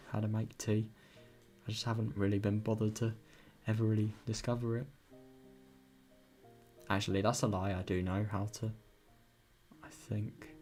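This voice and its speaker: Rambling man reading a visual novel aloud. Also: on the low side. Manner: rambling, chatty asides with frequent laughs. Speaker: let's-play reader.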